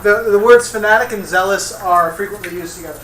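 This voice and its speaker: A hoarse man teaching a classroom vocabulary lesson, joking and exasperated with his students. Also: sits high, fast talker, noisy background. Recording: echoey classroom from far off.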